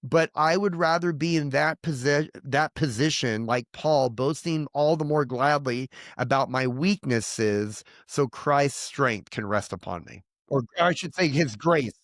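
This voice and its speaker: A man's voice: mid-range voice, a little slow, few pauses, a bit bright, no echo, clean studio sound. A man in his fifties, a pastor, telling his personal testimony in an earnest, rambling way, full of restarts and quoted prayers. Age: 50s. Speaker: pastor and guest.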